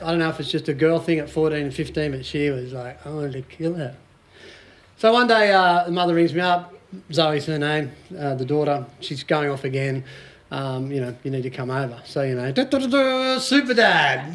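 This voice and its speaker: Chatty Australian man, high-pitched coach. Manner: joking, chatty, quizzes the audience. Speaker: business coach speaking to a small group. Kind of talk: casual motivational seminar talk.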